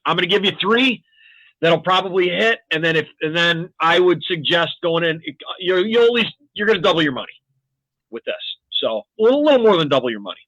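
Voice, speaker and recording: A man co-hosting a casual sports show, talking bets in an excitable, emphatic way and swearing now and then. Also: high-pitched, a little fast, no room sound, dull audio. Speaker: co-host. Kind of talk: casual sports betting chat.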